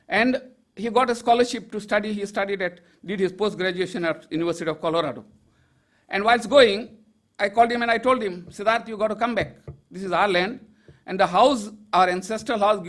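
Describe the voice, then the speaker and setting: A man's voice: high voice, a bit bright. An older man from Goa, giving an emphatic political speech to an audience with wry asides. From Goa, India. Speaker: public speaker.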